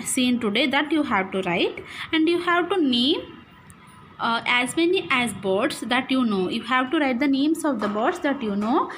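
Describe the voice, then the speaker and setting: A woman teacher with an Indian English accent, slowly explaining syllables to young pupils and often checking that they follow. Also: fairly high pitch, a bit bright, a little hiss or hum. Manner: slow, repetitive, checks understanding with "right?" and "okay". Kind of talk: classroom lesson, explaining syllables.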